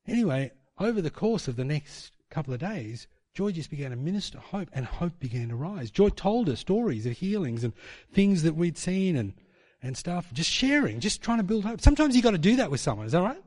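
A man's voice: on the high side, very animated, brisk, darkish tone. A man preaching a sermon, telling stories and asking rhetorical questions. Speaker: pastor.

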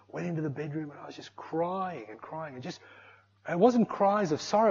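A man's voice: a little high, darkish tone, breathy edge, lo-fi sound. An Australian man giving a personal testimony, telling a conversational story that builds into emotional exclamations.

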